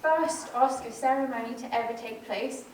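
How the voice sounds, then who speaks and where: A woman's voice: a little high, normal speed. Overwhelmed woman telling her story to the group, distant and echoey, bit of noise. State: emotional, overwhelmed. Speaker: participant sharing. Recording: echoey room, far from mic, crowd and noise.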